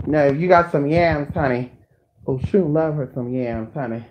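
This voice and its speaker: Sassy chatty woman with a low voice. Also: normal speed, background noise. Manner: swears casually. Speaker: vlogger. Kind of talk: casual live chat to viewers.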